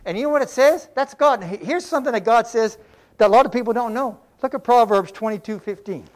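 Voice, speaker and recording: A man's voice: extremely high pitch, fast talker. An older man preaching a sermon in a folksy, conversational way, mixing scripture with homespun stories. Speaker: pastor.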